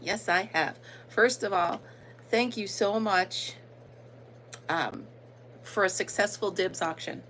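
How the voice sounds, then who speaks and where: A woman's voice: mid-range voice, takes it slowly, long pauses, fairly bright tone, slight background noise, poor audio. A woman with an American country accent hosting a casual livestream, chatting and greeting viewers by name with plenty of ums. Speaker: livestream host.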